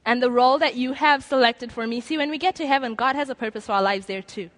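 A woman's voice: high voice, quick pace, few pauses. A woman preaching a sermon to a gathered audience, earnest and conversational, acting out inner voices as she makes an appeal. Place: lecture room before an audience.

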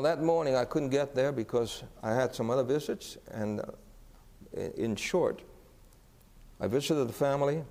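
A man's voice: medium pitch, vocal fry, darkish tone. A man preaching as a pastor, telling a story earnestly and asking the congregation questions. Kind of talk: sermon storytelling. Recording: echoey hall.

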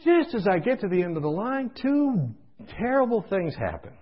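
A man preaching through a comic personal story, animated and acting out scenes, in a dull lo-fi recording. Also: high-pitched, moderate pace, breathy edge. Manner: animated, comic, acts out voices.

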